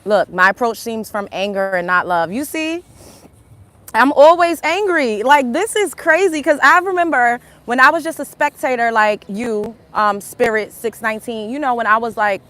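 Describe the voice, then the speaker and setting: A woman's voice: on the high side, animated, moderate pace, a bit bright. A young woman with an African American Vernacular English accent, hosting a livestream and ranting emphatically, firing off repeated rhetorical questions in a confrontational way. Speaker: livestream host. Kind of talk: opinionated livestream rant.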